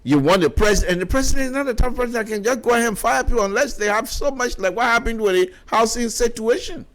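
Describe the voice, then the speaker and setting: A middle-aged man with a Liberian English accent delivers impassioned political commentary on the radio, repeating himself and stumbling over restarts. His voice is extremely high-pitched, animated and fairly bright, and he talks at a quick pace.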